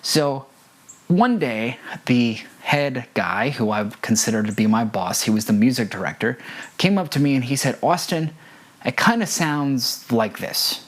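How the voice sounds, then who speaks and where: A man's voice: mid-range voice, expressive, normal speed. A man who works as a front of house audio engineer, giving an earnest instructional talk with personal stories and repeating his key points for emphasis.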